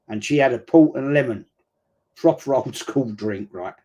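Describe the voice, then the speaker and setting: A middle-aged man streams a football watch-along, chatting casually and telling rambling stories in blokey slang. His voice is fairly low and mellow, at a normal speed.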